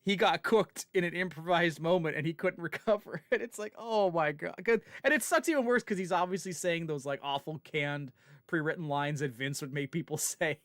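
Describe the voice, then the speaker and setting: A man's voice: on the high side, normal speed, no echo, studio quality. A man co-hosting a gaming stream, chatting casually and laughing as he tells stories. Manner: animated, laughs while telling stories. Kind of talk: casual chat while playing.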